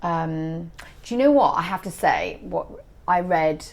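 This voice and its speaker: A middle-aged woman being interviewed as an author, telling stories in an animated, chatty way. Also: lowish voice, unhurried. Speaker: author guest. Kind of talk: casual interview chat.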